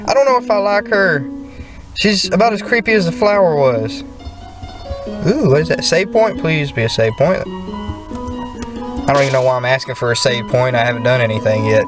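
A man's voice: on the high side, expressive, moderate pace, pauses often. A man playing a video game and chatting casually as he reacts to what happens on screen. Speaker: let's play gamer. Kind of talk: casual gameplay commentary. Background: game music.

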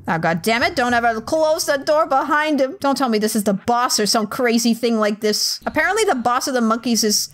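A woman narrates her gameplay in a loose, chatty way, talking straight to the characters and cursing freely. Her voice sits high and swings widely in pitch, with faint music playing underneath. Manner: chatty, talks to game characters, swears and laughs often. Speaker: let's play gamer. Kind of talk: casual gameplay commentary.

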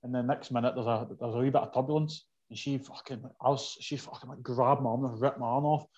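A Scottish man in casual conversation, telling a story with plenty of swearing and lively energy. His voice sits in an ordinary middle register and comes through a dull, lo-fi recording. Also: mid-range voice, fast. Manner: animated storyteller, swears freely. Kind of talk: casual chat.

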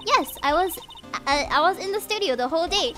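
Nervous young studio assistant, read by a woman, polite, high and animated voice. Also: brisk, faint music behind, full character voice.

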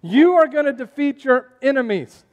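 A man preaching a sermon as pastor, animated and asking the congregation questions as he goes. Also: extremely high pitch, normal speed, in a large hall, narrow, tinny audio.

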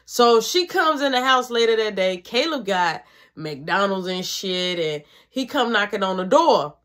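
A young woman telling a story in a casual vlog, animated and profane, acting out what people said. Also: medium pitch, measured pace. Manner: animated, profane, acts out quotes.

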